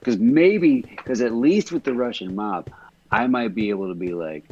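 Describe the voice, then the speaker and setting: A man's voice: lowish voice, expressive, measured pace, dull audio, slight background noise. A man in casual podcast chat, stoned, rambling and swearing as he talks. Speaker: podcast guest.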